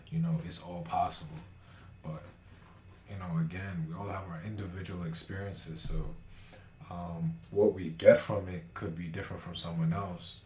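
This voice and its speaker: A man's voice: sits low, level tone, normal speed, bright, forceful tone, a little hiss or hum. A man in casual conversation, speaking reflectively and encouragingly. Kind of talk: casual chat. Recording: distant echoey mic with guitar music.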